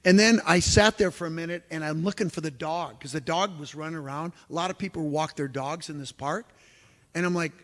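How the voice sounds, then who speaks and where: A man giving a lecture as an animated storyteller, who acts out the exclamations he quotes. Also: fairly high pitch, moderate pace, long pauses. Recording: long hall reverb.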